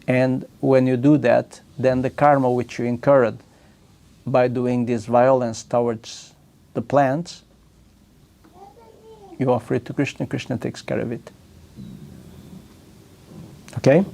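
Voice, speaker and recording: A man leading a scripture class, reading out a passage and then explaining it in loose asides with fillers and soft chuckles. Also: mid-range voice, little pitch movement, takes it slowly, gravelly, long pauses. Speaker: temple class speaker.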